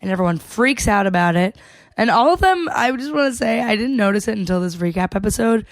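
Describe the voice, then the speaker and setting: A woman's voice: mid-range voice, lively intonation, fairly quick, no room sound. A woman co-hosting a podcast, casually recapping an episode in a chatty way, swearing freely and laughing between points. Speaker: podcast co-host.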